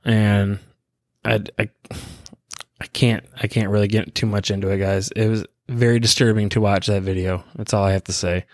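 A man hosting a casual solo podcast, rambling in a laid-back way and chuckling often while high. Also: flat delivery, moderate pace, a little mellow, no echo, clean studio sound. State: high on cannabis. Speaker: podcast host. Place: his own room.

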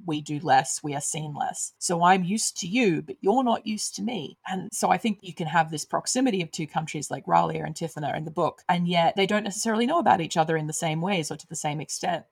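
Woman, low pitch, articulate and enthusiastic author guest, dry close sound. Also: brisk, vocal fry, few pauses, breathy edge, no echo. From Australia. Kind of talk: conversational interview.

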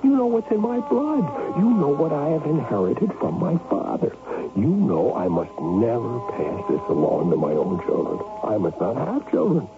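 Brief: obsessive unstable son, 1970s radio drama, wild pitch swings. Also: male voice, sing-song, normal speed. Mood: fervent. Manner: swings from sullen to raving and whispering. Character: troubled grown son, fixated on tainted blood. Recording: tinny old radio broadcast with music.

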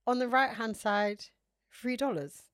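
A woman's voice: a little high, unhurried, slight background noise. London woman telling a story in casual chat. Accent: London English. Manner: animated storytelling, acts out dialogue. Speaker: podcast co-host.

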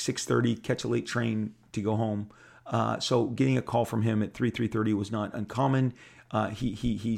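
A man's voice: fairly low pitch, gravelly, a little mellow. A man in his fifties telling casual stories in a rambling way, with many repeated words and restarts. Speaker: comic artist telling stories. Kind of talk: casual storytelling monologue.

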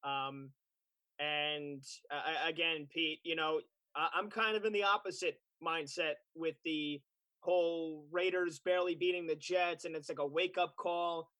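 A man's voice: a little high, fairly even intonation, unhurried, bright, forceful tone, dry recording. A man co-hosting a sports betting podcast, chatting confidently about his picks. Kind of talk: casual sports betting chat.

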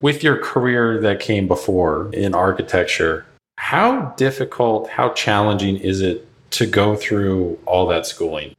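Very deep-voiced podcast host. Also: expressive, measured pace. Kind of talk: interview questions.

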